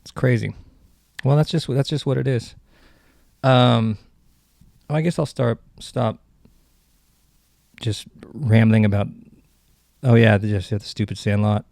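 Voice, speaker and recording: A man's voice: medium pitch, steady tone, a little slow, gravelly, pauses often, darkish tone, dry recording, studio quality. A man hosting a comedy podcast, rambling through jokes and cutting himself off mid-sentence. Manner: rambling, self-interrupting, joking. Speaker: podcast host.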